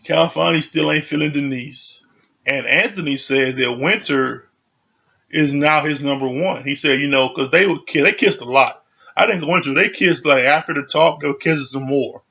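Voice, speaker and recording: A man's voice: a little high, moderate pace, creaky, bright, forceful tone, muffled recording. A man giving a casual, conversational recap of a reality show, full of "you know" and "like".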